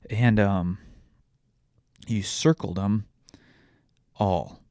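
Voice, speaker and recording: A father telling a painful personal story while tearful, halting often and restarting his sentences. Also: on the low side, fairly even intonation, mellow, clean tone, no room sound, clean studio sound. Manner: halting, with many restarts and pauses. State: tearful, voice breaking. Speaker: vlogger sharing a personal story.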